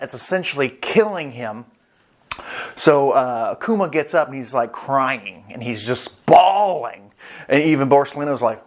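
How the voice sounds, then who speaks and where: A man talks through a comic chapter in a loose, excited ramble, swearing freely as he goes. His voice is at an ordinary mid-range male pitch. He sounds like a relaxed host talking straight to his viewers. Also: a little slow. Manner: enthusiastic, profane and rambling. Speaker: anime review channel host. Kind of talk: casual chapter review.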